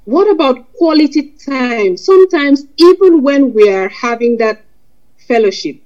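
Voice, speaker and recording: A woman's voice: high-pitched, warm tone. A woman preaching a sermon in an earnest, conversational way, quoting scripture and addressing her listeners directly. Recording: lo-fi dull sound.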